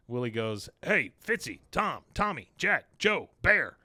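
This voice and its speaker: Podcast co-host, male, animated storyteller who slips into character voices; dry close mic. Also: mid-range voice, no room sound. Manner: animated, acts out characters' lines in quick put-on voices. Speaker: podcast co-host recapping an episode. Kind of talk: casual chat, retelling a cartoon plot.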